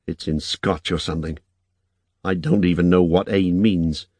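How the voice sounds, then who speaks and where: A man reading the lines of a wary, self-conscious young woman in a soft, reluctant, hushed way. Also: sits low, steady tone, moderate pace, husky, no echo.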